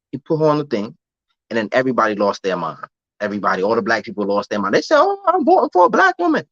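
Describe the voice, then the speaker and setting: A medium-pitched, somewhat bright male voice belongs to a young American ranting casually on stream, slang-heavy and repetitive. The recording is dull, lo-fi and dry, without any room sound.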